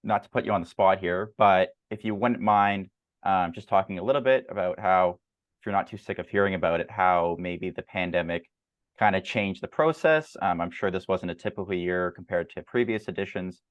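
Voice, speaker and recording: A man hosting an academic journal club, presenting slides in a measured way with frequent fillers and repeated words over a video call. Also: low voice, no echo, highs cut off.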